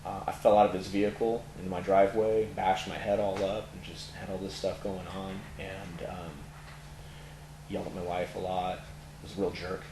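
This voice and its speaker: A man's voice: low voice, flat delivery, normal speed. A middle-aged Californian man, a tattoo parlor owner, candidly telling his life story in an interview with many fillers. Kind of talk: personal testimony in conversation. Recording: echoey room, faint noise.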